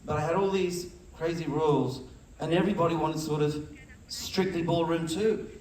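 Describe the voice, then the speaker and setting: Animated man in an echoey hall. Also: fairly high pitch, normal speed, far from the mic, slight background noise. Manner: animated storyteller, acts out quotes. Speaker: film director, guest. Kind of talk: onstage festival conversation. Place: large festival hall with audience. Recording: echoey hall, mic heard from afar.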